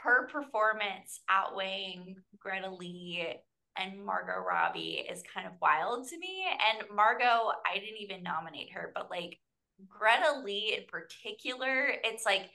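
A woman talking casually on a film panel, rambling and animated with lots of "like". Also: medium pitch, unhurried.

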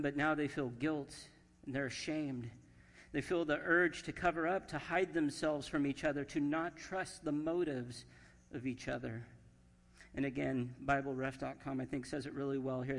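A man preaching a sermon as pastor, his voice sitting a little above the usual male range. He reads scripture aloud and gives the quoted lines their own emphasis. The sound carries the long reverb of a church sanctuary. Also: a little high.

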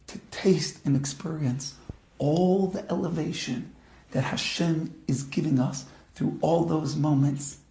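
Slow, earnest rabbi in an echoey room. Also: male voice, on the high side, creaky, mellow. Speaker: rabbi giving a holiday talk. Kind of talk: closing blessing of a sermon.

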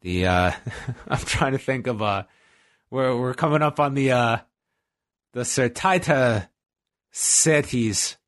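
Mid-range and fairly bright, this co-host's voice carries lively intonation at a moderate pace. He chats through a wrestling recap on the podcast in a rambling, halting manner, leaning on lots of fillers.

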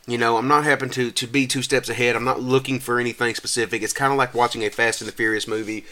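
A man with a drawl rants casually as a podcast host, in a voice of middling pitch. He rambles, trips over his own restarts and loops back to his point. When something irks him his voice climbs and turns animated. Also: fast. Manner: rambling, restarts often, gets animated and higher when exasperated. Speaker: podcast host reviewing a movie. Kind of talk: casual rant.

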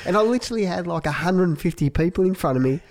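A man's voice: high-pitched, lively intonation, quick pace, a little mellow. A man hosting a podcast interview, chatty and conversational as he shares his own commentating stories. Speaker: podcast host, surf commentator. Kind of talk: casual interview.

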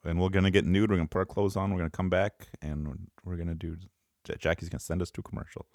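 A man co-hosting a comedy podcast, joking crudely in quick, casual banter. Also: low voice, little pitch movement, darkish tone, dry recording, studio quality. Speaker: podcast co-host.

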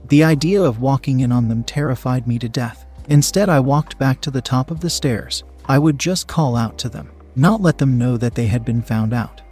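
A man's voice: mid-range voice, normal speed, few pauses, a little mellow, slightly rough, faint music behind. Man narrating a first-person story.

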